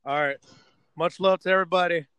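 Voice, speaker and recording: A man's voice: sits high, fairly even intonation, a little fast, crowd noise. A young man hosting a casual podcast, laid-back, swearing freely and calling his friend bro. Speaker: podcast host. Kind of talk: casual chat.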